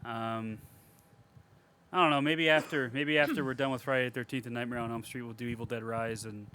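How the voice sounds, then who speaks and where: A man's voice: medium pitch, brisk, clean tone. A man co-hosting a podcast, retelling a movie in casual chat with profane jokes and laughter. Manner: profane, joking, animated retelling. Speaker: podcast co-host.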